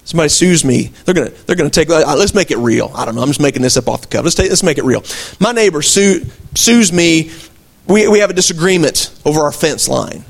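A man's voice: fairly high pitch, expressive, fast, creaky. A man preaching a sermon as pastor of his church, folksy asides and rhetorical questions to the congregation. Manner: conversational preaching, rhetorical questions, emphatic swings.

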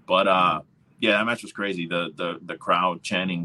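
A man's voice: deep voice, normal speed, sharp tone. A man giving his laid-back, profane take on a wrestling show in casual podcast chat. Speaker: podcast co-host.

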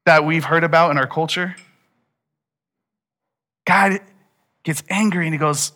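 A man preaching a sermon, retelling a story with animated asides and acted-out quotes. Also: on the high side, moderate pace, long pauses. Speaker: pastor.

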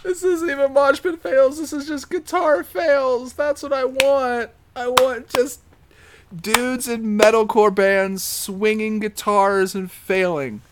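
A young man giving casual, crude reaction commentary on videos, excitable and swearing, with laughing outbursts. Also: very high voice, slow, noisy background.

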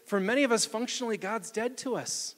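A male pastor preaching a sermon in a church, reading scripture aloud and explaining it with animated delivery. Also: high voice, fairly quick, long reverb tail. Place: church sanctuary.

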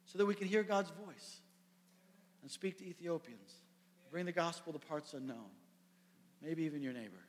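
A man preaching a sermon, animated and storytelling, acting out the characters. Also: a little high, normal speed, pauses often. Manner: animated storytelling, acts out voices. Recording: echoey hall.

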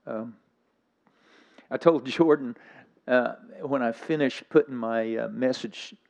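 A man's voice: medium pitch, unhurried, creaky, darkish tone. An older man preaching a sermon in a reflective, slightly weepy manner. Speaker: guest preacher.

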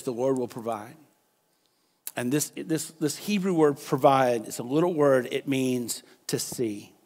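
A pastor delivering an impassioned sermon. He swings from hushed, quiet stretches to loud, emphatic peaks. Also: medium pitch. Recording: long hall reverb.

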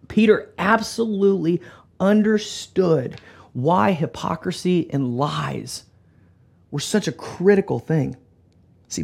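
A man preaching a sermon with a gravelly, husky voice. He is animated and emphatic, and he rises in pitch when he presses a point. Then he drops to quiet, low lines for weight. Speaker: pastor.

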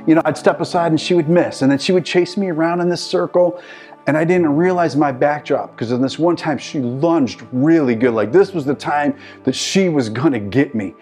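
A middle-aged man preaching a sermon with passion, swinging from loud, urging calls to hushed, intense storytelling. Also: on the high side. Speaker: pastor.

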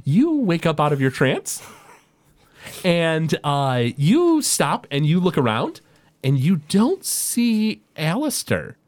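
A man narrating a tabletop role-playing game as game master, descriptive and halting with fillers. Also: a little high, huge pitch swings, a little mellow, dry recording.

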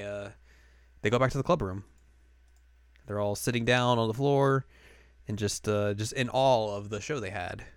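A man's voice: on the low side, a bit bright, smooth, no echo, clean studio sound. A man hosting a podcast, recapping an episode in a rambling, casual way with lots of fillers. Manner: rambling, filler-heavy, laughs often. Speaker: podcast host.

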